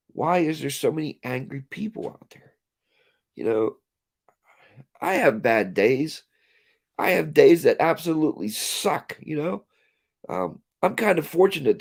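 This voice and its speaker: A man's voice: on the high side, vocal fry, a little mellow. A man hosting a casual livestream, ranting and reading viewer comments aloud. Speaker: livestream host.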